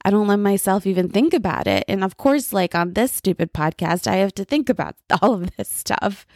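A woman hosting a podcast alone, talking in a candid, reflective and halting way while she feels worn out and frayed. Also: mid-range voice, expressive, a little mellow, dry recording, clean studio sound. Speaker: podcast host. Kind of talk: casual personal monologue.

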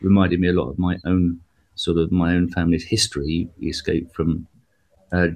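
A man being interviewed as a guest comedian and musician, talking in a rambling, animated way with many restarts. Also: deep voice, moderate pace. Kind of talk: radio interview conversation.

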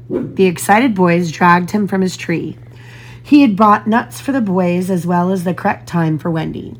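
A woman narrating a children's storybook in a gentle, expressive way. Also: fairly low pitch, measured pace, slight background noise. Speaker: storybook reader.

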